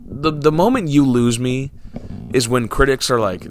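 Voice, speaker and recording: A man's voice: a little high, sing-song, moderate pace, dry recording. Exasperated young man ranting. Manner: exasperated, sarcastic, swinging between mumbles and outbursts. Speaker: movie vlogger. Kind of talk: ranting casual monologue.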